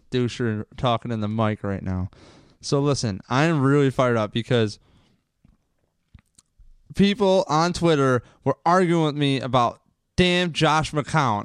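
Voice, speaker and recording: Casual male podcast host, rambling sports rant, clear voice, dry close mic. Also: medium pitch, expressive, a little slow, no room sound. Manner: rambling, gets fired up and swears. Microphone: close microphone.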